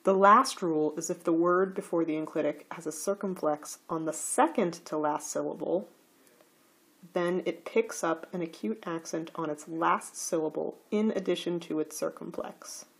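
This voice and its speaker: A woman teaching a recorded slide lecture, explaining grammar rules slowly and carefully. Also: on the low side, vocal fry, a bit bright, slightly rough.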